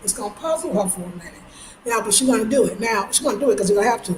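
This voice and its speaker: A middle-aged woman from Brooklyn, telling stories in a chatty, animated vlog and acting out the people she quotes. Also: medium pitch, rapid-fire. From Brooklyn, New York. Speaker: travel vlogger. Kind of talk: casual vlog monologue. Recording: roomy echo with faint background noise.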